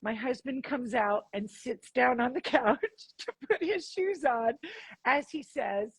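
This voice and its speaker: A woman guest on an interview podcast, telling a personal story in an animated way and acting out the dialogue. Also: fairly high pitch, measured pace, husky, dry recording. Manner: animated, acts out dialogue in her stories.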